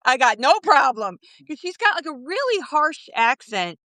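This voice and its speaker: A middle-aged woman appears as a podcast guest in a casual interview, speaking lively and quick with laughing asides between thoughts. Her voice is bright and a little high, and the phone audio is dry and close with no room sound.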